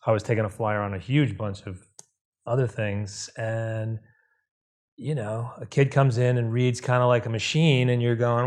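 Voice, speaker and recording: A man's voice: mid-range voice, a little slow. A man on a panel telling a rambling story, often breaking off and restarting. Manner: rambling, self-interrupting, animated. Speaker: film director, panelist. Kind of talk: panel discussion.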